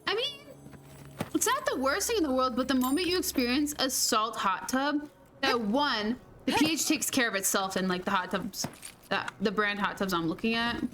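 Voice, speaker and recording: Brief: chatty woman game streamer, playful and giggly, high voice. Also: expressive, normal speed, background noise. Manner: chatty, laughs often, playful mild cursing. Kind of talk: casual gameplay chat.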